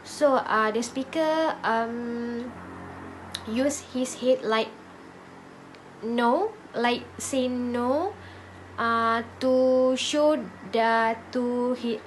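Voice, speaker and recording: A woman's voice: a little high, extremely slow, slight background noise, poor audio. A woman giving a class presentation, hesitant, with many fillers and restarts. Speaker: student presenter.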